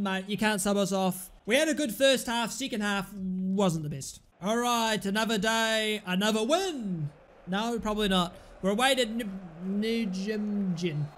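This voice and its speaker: Excitable high-voiced gamer man. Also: slight background noise. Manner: excitable, shouts at the game, swings between outbursts and mutters. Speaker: gaming commentator. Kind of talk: live let's-play commentary.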